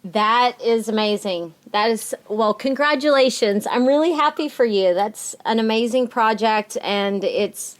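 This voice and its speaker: A woman hosting a casual podcast interview, friendly and encouraging with her guest. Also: fairly high pitch. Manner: friendly, encouraging, quick to laugh. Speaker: podcast host.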